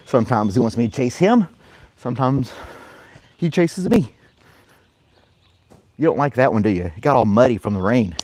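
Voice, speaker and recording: In a backyard, a vlogger and podcast host chats casually while playing with his dog, giving playful commands and chuckling often. His mid-range voice is lively, a little fast and a little mellow with a breathy edge, broken by long pauses. The recording is dry.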